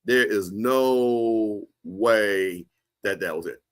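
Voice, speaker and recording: A man's voice: fairly low pitch, drawn-out words. A man hosting a casual livestream, joking and talking straight to his viewers in the chat. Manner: animated, joking, talks to chat. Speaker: livestream host.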